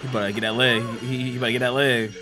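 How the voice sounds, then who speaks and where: A young man hosting a casual movie reaction, excitable and slangy, laughing and swearing as he talks to viewers. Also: medium pitch, racing, over music. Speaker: reaction host.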